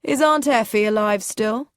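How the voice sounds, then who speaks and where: A woman voicing a charming, teasing young gentleman with dry wit, in an easy, amused, unhurried manner. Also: on the high side, dry recording, voice pushed up.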